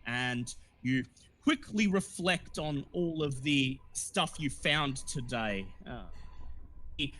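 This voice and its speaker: Bright-voiced man running a tabletop game. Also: medium pitch, slow. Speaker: game master. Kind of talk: narrating a tabletop horror game.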